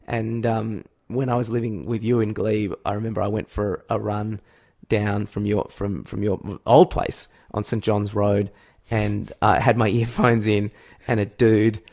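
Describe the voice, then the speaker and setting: A young Australian man co-hosting a comedy podcast, telling rambling anecdotes and breaking into loud yelled impressions. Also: fairly low pitch. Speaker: podcast co-host. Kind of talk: casual comedic chat.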